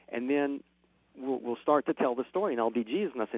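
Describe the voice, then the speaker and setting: A man, a catechism teacher telling classroom stories as a radio guest, quick and animated. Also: mid-range voice, no echo, phone-quality sound. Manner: fast, animated retelling, jumping into dialogue. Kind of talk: radio interview guest, storytelling.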